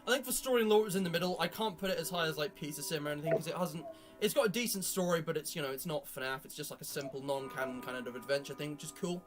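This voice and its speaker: A man with a fairly high voice hosts a casual YouTube chat with friends, talking very fast and rambling through his opinions with lots of fillers. Music plays under his voice.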